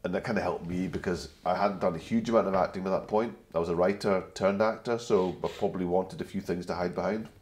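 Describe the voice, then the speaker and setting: Deep-voiced man with a soft Glasgow accent. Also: steady tone, quick pace, few pauses. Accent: gentle Glasgow, slightly anglicised. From Glasgow, Scotland. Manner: chatty anecdotal storyteller. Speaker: guest. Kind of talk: casual interview chat.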